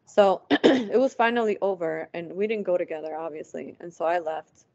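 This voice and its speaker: A woman's voice: lowish voice, a little fast, hardly any pauses, a little mellow. A woman guest on an interview show, telling a personal story casually, acting out past conversations and using lots of "like" fillers. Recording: dull lo-fi, dry sound.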